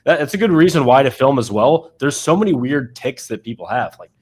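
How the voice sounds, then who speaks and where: A man on a panel talking in a relaxed way and telling anecdotes about coaching clients. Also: mid-range voice, brisk, slightly rough. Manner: laid-back, tells anecdotes. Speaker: panel guest. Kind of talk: casual panel talk.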